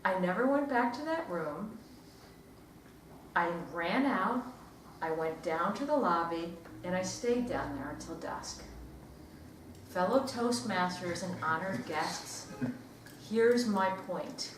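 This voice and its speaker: A woman giving a dramatic storytelling speech at a speaking club, swinging between hushed whispers and loud outbursts. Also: lowish voice, expressive, takes it slowly, pauses often. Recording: very echoey room, distant mic, faint noise.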